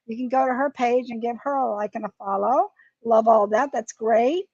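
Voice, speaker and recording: High-voiced woman hosting a livestream. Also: normal speed, a little mellow, husky, no echo, lo-fi sound. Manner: friendly, greets viewers by name. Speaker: livestream host. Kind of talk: casual livestream chat.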